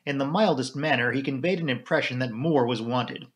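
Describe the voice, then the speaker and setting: A man narrating a classic mystery novel in a measured storybook reading. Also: mid-range voice. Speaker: audiobook reader. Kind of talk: scripted narration.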